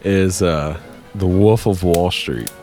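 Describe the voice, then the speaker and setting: A man's voice: low-pitched, slow pace, darkish tone, soft background music. A man in casual chat, laid-back, mostly chiming in with short agreeing replies.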